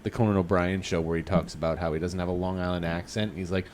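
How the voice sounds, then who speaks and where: Male podcast co-host, lowish voice, casual and profane, faint hiss under the mic. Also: flat delivery, fast. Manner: swears freely, jumps into loud cartoonish impressions.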